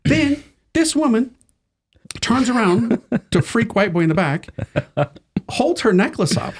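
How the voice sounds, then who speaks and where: A middle-aged man, a priest, tells an animated story as an interview guest, using casual slang, laughing often, and acting out the people in it. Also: extremely high pitch, a little slow, slightly rough.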